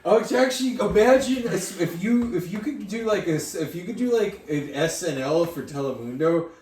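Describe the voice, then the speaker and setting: A man's voice: high-pitched, animated, normal speed, a little mellow. A man co-hosting a podcast in casual comedic chat, riffing on jokes and laughing along. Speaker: podcast co-host. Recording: echoey room, mic at a distance.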